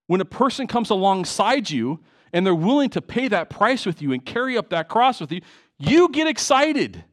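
A male pastor delivers an impassioned sermon in a church, his voice swinging widely between soaring highs and hushed lows. He sits a little above the usual male pitch and stumbles over restarts as he speaks. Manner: impassioned, emotional preaching with restarts. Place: church hall.

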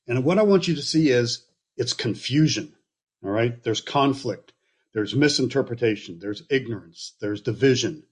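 Man, husky voice, mid-pitched, easygoing Bible teaching, chatty asides. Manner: relaxed, explaining with frequent okays and asides.

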